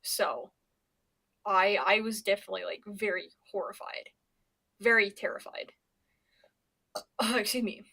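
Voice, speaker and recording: A woman's voice: medium pitch, fairly even intonation, measured pace, gravelly, long pauses, pushed and bright, husky. A young woman from Pennsylvania chatting casually on her stream, rambling and swearing, with lots of stammered restarts. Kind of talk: casual chat.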